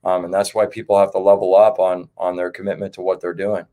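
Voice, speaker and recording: A somewhat low-voiced man talking as a livestream guest. He speaks in an earnest, rallying way and keeps calling his listeners "man" and "dude". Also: flat delivery, fast talker, dark tone. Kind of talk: casual livestream chat.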